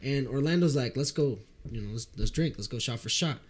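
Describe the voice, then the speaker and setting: A young man telling a drinking story in casual chat, animated and profane, often laughing. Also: mid-range voice, fairly quick, slightly rough.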